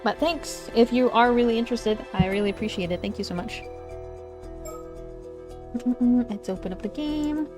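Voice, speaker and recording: A young woman streaming a game, chatting casually with viewers in a relaxed way, with fillers and self-corrections. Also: a little high, normal speed, long pauses, music in the background. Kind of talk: casual livestream game commentary.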